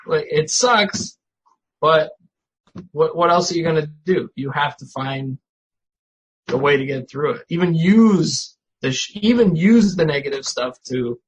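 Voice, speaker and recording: A man's voice: fairly high pitch, slight background noise, low-quality recording. A man talking as a podcast guest in a casual chat, easygoing and supportive. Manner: supportive, easygoing, laughs along.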